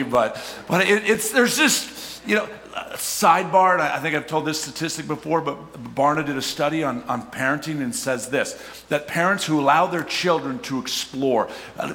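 Bright-voiced pastor preaching in a hall. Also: male voice, on the high side, lively intonation, normal speed. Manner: conversational preaching, rising to shouts for emphasis. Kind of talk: sermon. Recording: hall reverb, faint ambience.

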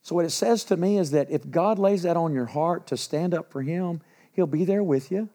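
A man preaching a sermon in a folksy, animated storytelling way with asides and acted quotes. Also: on the high side, normal speed. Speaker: pastor. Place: church in Texas.

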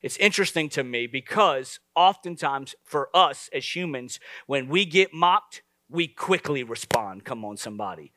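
A man preaching a sermon as pastor, lively and conversational, with asides to the congregation. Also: mid-range voice, moderate pace, few pauses, no echo.

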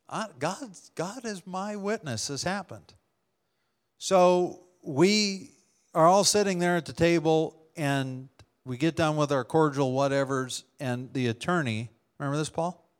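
A man's voice: medium pitch, clear, resonant tone. A man preaching as a pastor, telling a testimony story to his congregation, acting out the people he quotes. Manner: storytelling, animated, acts out quoted dialogue with laughs. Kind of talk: sermon testimony.

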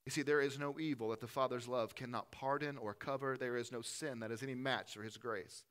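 A man preaching a sermon in a church, impassioned, building to loud lists and dropping to soft pleading. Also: medium pitch, fairly even intonation, fairly quick. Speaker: pastor.

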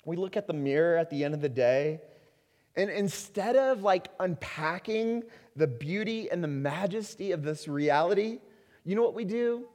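A man preaching a sermon as a pastor, earnest, rising to loud emphasis and dropping to slow, quiet stretches. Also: sits high, lively intonation. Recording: long hall reverb.

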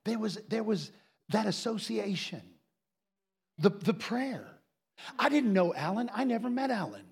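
A man preaching a sermon as a comic story, animated and laughing, often acting out voices. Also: sits high, measured pace, vocal fry, breathy edge.

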